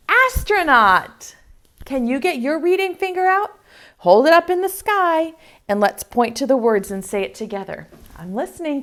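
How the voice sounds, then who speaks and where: A young adult woman teaching an online preschool circle time lesson, slow and sing-song with playful giggles. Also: a little high.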